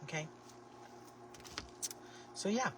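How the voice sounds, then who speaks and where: A man hosting a casual craft livestream, chatting to viewers in a sassy, expressive way with lots of exclamations. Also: drawn-out words, recorded from a distance. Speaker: livestream host making a craft basket. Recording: steady background noise.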